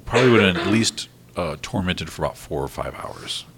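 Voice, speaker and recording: A man acting as game master, narrating a tabletop role-playing game in a relaxed way and laughing often. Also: deep voice, a little fast, a loud crowd.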